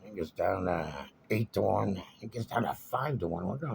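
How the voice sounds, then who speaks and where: A man's voice: low voice, animated, moderate pace, gravelly, a little mellow, a little hiss or hum. A man telling a casual anecdote in a wry, meandering, conversational way. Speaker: storyteller.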